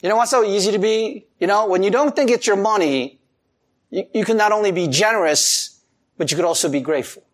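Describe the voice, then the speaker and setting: A pastor delivers an animated sermon at a brisk clip, chuckling frequently. His voice swings from loud emphasis down to soft, low asides.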